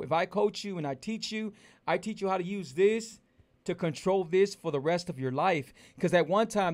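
High-pitched male health coach, emphatic and repetitive, preacher-style motivational talk.

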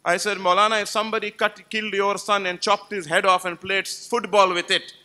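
A man's voice: sits high, flat delivery, brisk, pushed and bright. A man giving an emphatic religious lecture to a live gathering, telling stories and putting rhetorical questions to the audience. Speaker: Islamic lecturer.

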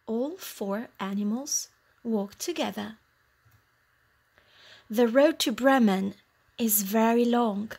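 A woman teacher narrating a simple storybook for young English learners in clear, short phrases. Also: fairly high pitch, slow pace, pauses often.

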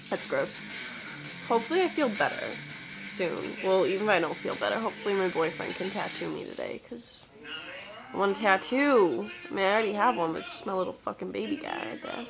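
A woman's voice: mid-range voice, very animated, moderate pace, creaky, pauses often, over music, rough recording. A woman vlogging casually from home while sick and congested, talking in a blunt, profane, rambling way.

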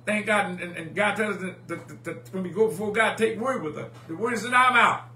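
Man preaching in church, high voice, keeps repeating lines in a rhythm, roomy echo, faint hum. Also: a little fast, pushed and bright. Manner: rhythmic call-and-response preaching, repeats phrases. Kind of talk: sermon. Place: church sanctuary.

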